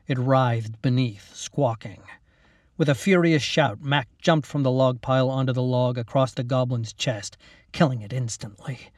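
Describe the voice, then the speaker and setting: A man, the author, narrating his own story in a steady, dramatic reading. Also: mid-range voice, dry recording, studio quality, recorded from a distance. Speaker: author and reader. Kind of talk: scripted narration.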